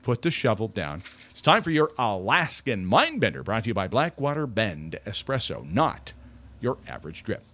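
A man's voice: lowish voice, big pitch swings, moderate pace, a bit bright. A man hosting a casual radio talk show, rambling and self-mocking as he chats from a studio mic.

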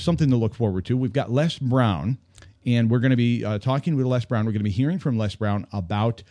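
A man's voice: medium pitch, dark tone, no echo, clean studio sound. A man hosting a call-in radio show, joking and teasing himself as he chats. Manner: playful, self-mocking banter.

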